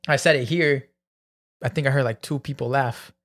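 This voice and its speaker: A man's voice: mid-range voice, normal speed, a bit bright. A young man co-hosting a podcast, casually telling a story about his own stand-up set, swearing freely and acting out what he said back then. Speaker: podcast host.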